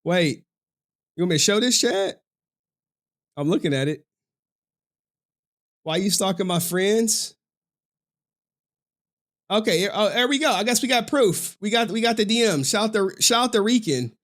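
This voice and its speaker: A man streaming reaction commentary in an animated, profane way, often breaking into laughter. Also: sits high, measured pace, long pauses.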